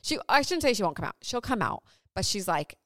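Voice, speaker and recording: A woman's voice: medium pitch, very animated, brisk, fairly bright tone, no echo, clean studio sound. A young woman co-hosting a podcast, telling a long story in casual chat, rambling with lots of "like". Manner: rambling storytelling with many likes. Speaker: podcast co-host.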